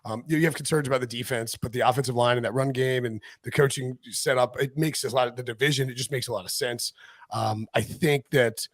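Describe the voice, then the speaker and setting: A man hosting a football podcast, talking in a rambling, animated way with many fillers. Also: mid-range voice, fairly quick, no room sound. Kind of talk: casual chat.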